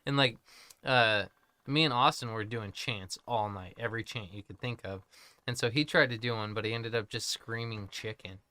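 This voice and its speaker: A man's voice: fairly low pitch, normal speed, clean tone, no room sound. A young man in casual podcast chat, laughing often and amused by his own stories. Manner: laughs a lot, lively and amused. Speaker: podcast co-host.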